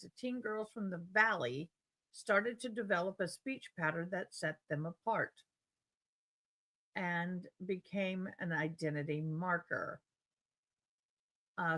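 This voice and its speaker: A woman's voice: lowish voice, fairly bright tone. A woman with a Tidewater Virginia accent hosting a live stream, chatting casually and rambling as she reads comments aloud.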